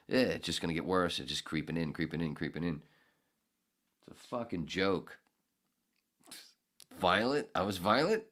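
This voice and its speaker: Podcast host, male, deep and highly animated, profane sarcastic ranter. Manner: angry, profane, sarcastic, swings between muttering and shouting. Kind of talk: ranting monologue.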